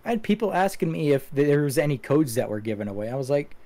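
A man's voice: fairly high pitch, sing-song, fast, warm tone. A man hosting a casual gaming podcast, talking in a loose, rambling way with many fillers and restarts. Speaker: podcast host.

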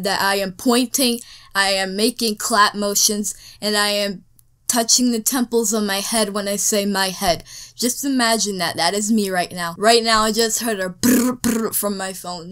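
Teenage girl, rambling vlog chatter, scattered, smooth clear voice, home desk mic. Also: medium pitch, fairly bright tone. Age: teens. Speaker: speedpaint vlogger. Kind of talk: rambling casual monologue. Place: bedroom at home. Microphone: desk microphone.

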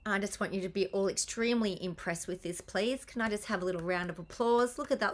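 A woman's voice: medium pitch, a little fast, hardly any pauses. A woman coach giving a casual, blunt and sweary presentation to her team over a video call. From Australia. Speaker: business coach and healer.

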